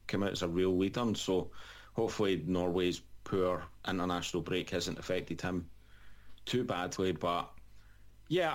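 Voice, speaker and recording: Man, Scottish accent, deep voice, casual football chat, hesitant. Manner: hesitant, restarting phrases. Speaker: podcast pundit.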